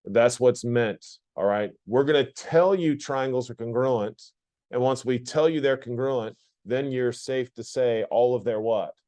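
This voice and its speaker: This math teacher's medium-pitched voice is mellow and unhurried as he lectures on geometry in class. He speaks plainly, repeats himself often, and keeps asking the class questions.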